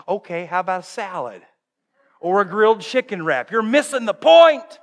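Lively high-voiced male preacher. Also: moderate pace, big-room sound. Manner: animated, humorous, acts out voices. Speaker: pastor. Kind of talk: sermon.

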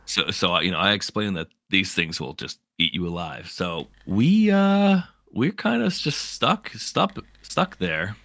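Deep, bright-toned man rambling his story. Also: big pitch swings, a little slow, gravelly, few pauses, no echo. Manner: rambling, full of "you know" fillers and restarts. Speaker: player recounting a game run. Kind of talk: casual storytelling chat.

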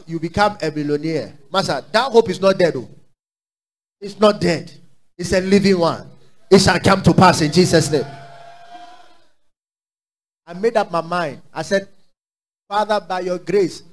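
High-voiced Ghanaian pastor preaching. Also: male voice. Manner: exhorting call-and-response preaching; swings between low asides and loud declarations. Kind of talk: sermon.

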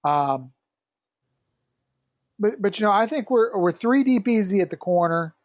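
High-voiced excited podcast co-host. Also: male voice, measured pace, no echo, highs cut off. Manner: enthusiastic, filler-heavy. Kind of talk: casual sports chat.

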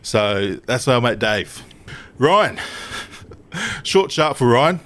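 A man's voice: medium pitch, very animated, very slow, a bit bright. Young aussie guy on a podcast, roasting his mates, swears a lot, keeps saying mate. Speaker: podcast co-host. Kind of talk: casual banter.

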